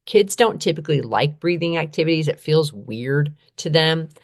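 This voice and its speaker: Woman from the US, low voice, earnest conversational storyteller on a podcast. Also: expressive, moderate pace. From United States. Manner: earnest, repeats phrases, frequent "right?". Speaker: guest advocate on trauma and poverty.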